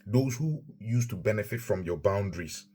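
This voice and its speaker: A man's voice: on the low side, expressive, normal speed, darkish tone, slightly rough. A man teaching a Christian lesson on marriage, emphatic and repetitive, quoting scripture as he preaches.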